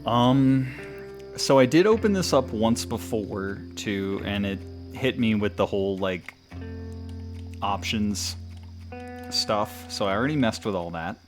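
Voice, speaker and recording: A man's voice: lowish voice, lively intonation, unhurried, over music. A man streaming a video game, giving rambling casual commentary and chuckling often.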